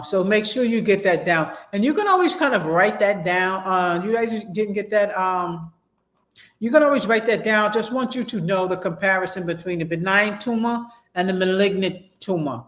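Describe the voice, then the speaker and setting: A man's voice: high-pitched, a bit bright. A man teaching a medical terminology class, reading from the textbook, then stopping to repeat and spell out key terms for his students in a chatty way. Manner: chatty, addresses students directly with "y'all". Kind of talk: casual online class lecture.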